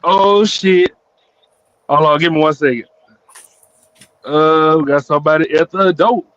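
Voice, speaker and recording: A man's voice: fairly high pitch, unhurried, fairly bright tone, no room sound, dull audio. A man hosting a casual online panel chat, joking and teasing his guests in a loose, playful way. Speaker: podcast host.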